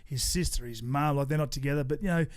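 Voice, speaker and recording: A man's voice: mid-range voice, fast talker, dry recording, clean studio sound. An Australian man in his forties, a podcast guest, telling rambling stories in casual chat and swearing freely.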